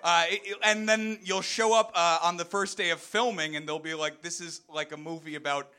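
A man rambles wryly through an improvised comedy answer, often stopping to restart his sentences. His voice is high and bright. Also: flat delivery, fairly quick, smooth. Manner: rambling, self-interrupting, wry. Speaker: comedy contestant.

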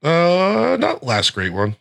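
A young man co-hosting a podcast, trading crude jokes and laughing often. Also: quick pace. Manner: laughs often, jumps high in pitch when excited. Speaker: podcast co-host. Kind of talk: crude casual banter.

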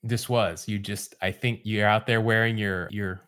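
A man hosting a podcast, relaxed storytelling with dry asides in casual chat. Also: lowish voice, normal speed. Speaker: podcast host.

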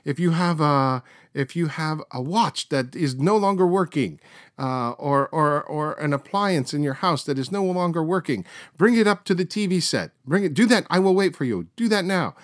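A man doing an impression of an excitable male TV psychic showman who coaxes viewers and repeats his commands insistently. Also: fairly high pitch, normal speed, voice pushed up, close to an everyday voice. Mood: coaxing.

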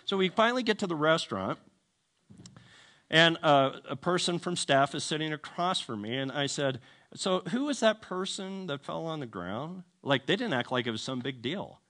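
A man's voice: a little high, normal speed. A man telling a story in a sermon, humorous and self-deprecating, acting out the voices of the people in it. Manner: animated storytelling, acts out quoted voices. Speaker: preacher.

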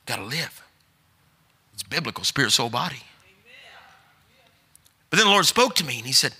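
A man's voice: mid-range voice, sing-song, a little fast, pauses often, bright, forceful tone, breathy edge. A middle-aged man preaching as an evangelist, telling stories and building to emphatic urging. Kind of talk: sermon. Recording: long hall reverb.

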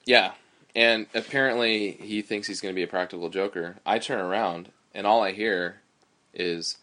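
A man in casual chat recounting a rope descent step by step, measured and halting with fillers. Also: fairly low pitch, fairly even intonation, pushed and bright.

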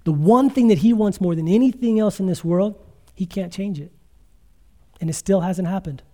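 Conversational pastor, man, mellow tone. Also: sits high, moderate pace. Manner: conversational, storytelling preaching with quoted asides. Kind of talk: sermon.

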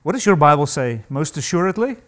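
A male pastor preaching a sermon to a congregation, emphatic and animated, acting out the voices he quotes. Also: a little high, a little fast.

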